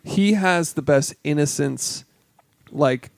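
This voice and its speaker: Young male podcast co-host, gravelly tone, rambling and profane, dry studio sound. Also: a little high, slow pace, dry recording. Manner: rambling, restarts, heavy swearing. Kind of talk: casual movie chat.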